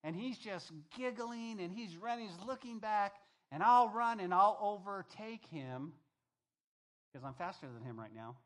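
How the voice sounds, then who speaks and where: A man's voice: high voice, expressive, measured pace. An older man preaching a sermon, reading scripture aloud and breaking off into conversational asides and stories for his congregation. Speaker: pastor.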